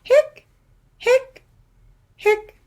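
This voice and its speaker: Woman doing a squeaky hiccuping skeleton boy. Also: very slow, a little mellow, heavily acted. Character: small male skeleton with nonstop squeaky hiccups.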